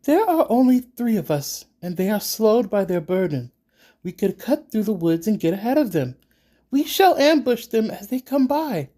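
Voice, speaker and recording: A woman's voice: fairly low pitch, lively intonation, unhurried, mellow, voice pushed up. A man voicing a fierce, vengeful young woman warrior who speaks in a seething, scornful and insistent way.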